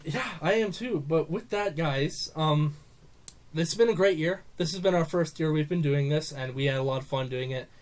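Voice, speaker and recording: A man co-hosting a casual movie podcast, ranting in an animated way and swearing often. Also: a little high, moderate pace. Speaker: podcast co-host. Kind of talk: casual movie review chat.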